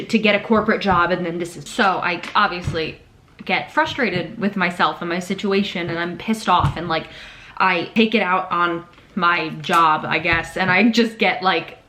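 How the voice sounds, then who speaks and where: A young woman talks straight to camera in a casual confessional chat. She is frank and animated, drops curse words freely, and acts out the things other people said to her. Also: on the low side, slight background noise. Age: 20s. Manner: candid, animated, swears freely, acts out quotes. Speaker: vlogger; patient navigator.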